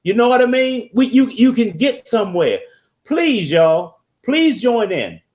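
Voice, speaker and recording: A man hosting a podcast, telling a story with an animated, preacher-like cadence. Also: very high voice, unhurried, lo-fi sound. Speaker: podcast host.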